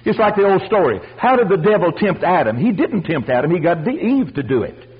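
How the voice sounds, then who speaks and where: An older man preaching a folksy storytelling sermon, animated and acting out the voices of the people in his stories. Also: high voice, a little fast, breathy edge, highs cut off. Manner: animated, acts out voices, chuckles.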